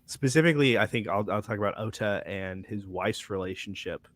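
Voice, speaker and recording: A man's voice: on the low side, a little fast. A man guesting on a casual book discussion over a video call, thinking aloud with many restarts. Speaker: guest reviewer.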